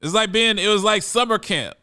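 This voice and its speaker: A man speaks in a casual storytelling monologue, with a fairly high voice. His tone is bright and forceful. He talks conversationally and often doubles back on his words as he goes. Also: brisk, clean tone. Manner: conversational, often repeats words when restarting.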